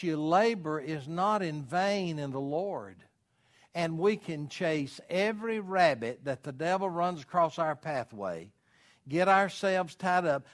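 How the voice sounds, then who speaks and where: Folksy pastor, high-pitched man. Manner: folksy, swings from quiet asides to loud exhortation. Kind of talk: sermon.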